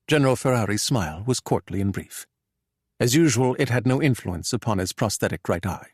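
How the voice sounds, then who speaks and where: A man narrating an audiobook thriller in an even, measured storytelling manner. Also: medium pitch, husky, dry recording, studio quality. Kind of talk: scripted narration.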